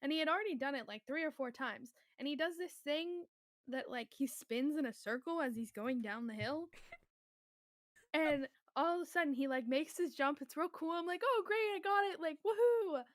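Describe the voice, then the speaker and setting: A woman retelling a story in a casual podcast chat, rambling and animated, full of "like". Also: high-pitched, normal speed, no echo.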